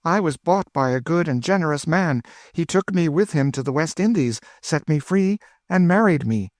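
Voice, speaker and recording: A man's voice: a little high, lively intonation, normal speed, dry recording, clean studio sound, pitched above the performer's own voice, close to an everyday voice. An eager, emotional lady traveller, as a man puts her on. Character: grieving freed woman seeking her brother.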